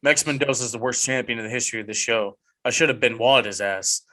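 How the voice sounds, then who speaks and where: A man hosting a casual chat podcast speaks quickly in a bright, forceful, mid-range voice. He jokes in a mock-dramatic style and rambles, restarting often.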